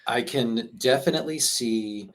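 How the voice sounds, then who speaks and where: A man's voice: medium pitch, a little slow. A man co-hosting a casual podcast chat, joking around and laughing easily. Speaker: podcast co-host.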